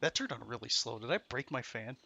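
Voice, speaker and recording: Young male streamer, bright voice, swears a lot while ranting to chat. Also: medium pitch, lively intonation, brisk, vocal fry. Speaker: game streamer. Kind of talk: frustrated live-stream commentary. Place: home room while streaming.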